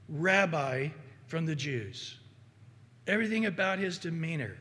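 A man preaching a sermon as pastor, animated and acting out quoted voices. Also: high voice. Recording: hall reverb.

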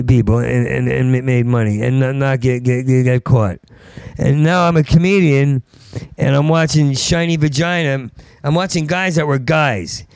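Stuttering, ranting gravelly man. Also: medium pitch, darkish tone, dry recording. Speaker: stand-up comedian. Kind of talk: rambling stand-up monologue.

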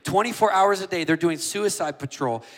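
A man preaching a passionate sermon as a guest speaker, building from quiet asides up to shouting. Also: sits high, moderate pace. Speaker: guest preacher and worship leader.

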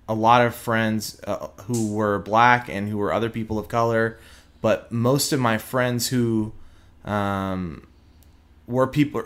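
A young adult man from Texas, speaking as an interview guest in an earnest, reflective way with frequent pauses and fillers. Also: on the low side, a bit bright. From Houston, Texas. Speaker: guest, prosecutor.

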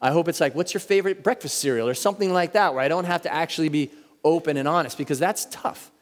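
A man in his thirties preaching a sermon in a church, talking in a conversational way and slowing down to stress key words. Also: fairly high pitch. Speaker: pastor. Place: church sanctuary. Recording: reverberant church hall.

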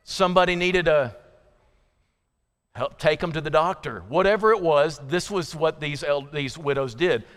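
A pastor preaching in a relaxed, conversational way, trailing into joking asides and restarting his sentences. His voice sits fairly high and rings clear and resonant. It carries a long reverb from the large church hall he speaks in. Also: normal speed. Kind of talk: conversational sermon. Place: church sanctuary.

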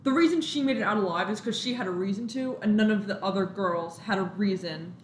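A young woman co-hosting a casual movie podcast, relaxed and agreeable, offering her own take on the films. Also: mid-range voice, fairly quick. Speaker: podcast co-host. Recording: echoey room with faint noise.

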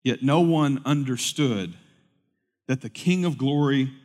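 A man pastor delivering a sermon, moving from loud, urgent preaching to quiet, conversational storytelling. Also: mid-range voice, a little slow. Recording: long hall reverb.

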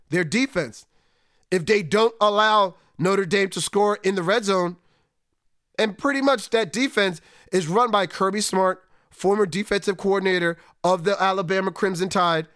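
A man hosting a solo sports podcast, talking animatedly and swinging between excited highs and low, resigned asides. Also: no echo, studio quality. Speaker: podcast host.

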